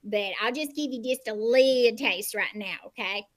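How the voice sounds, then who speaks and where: A woman's voice: fairly high pitch, moderate pace, close to an everyday voice. A woman playing a lonely farm widow with a put-on drawl, in a folksy, rambling, hesitant improv comedy bit over a video call. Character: lonely rural farm widow living with her animals.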